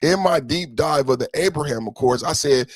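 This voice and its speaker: A man's voice: normal speed, husky, dry recording. Impassioned man, dry close sound. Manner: impassioned, repetitive, shifts between low brooding and loud outbursts. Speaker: podcast host. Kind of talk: political commentary monologue.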